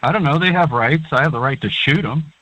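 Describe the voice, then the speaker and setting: A man's voice: on the high side, quick pace, bright, forceful tone. A man speaking as a guest on a talk show, earnest and rambling, with plenty of fillers. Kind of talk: call-in talk show chat. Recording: dry, dull lo-fi line.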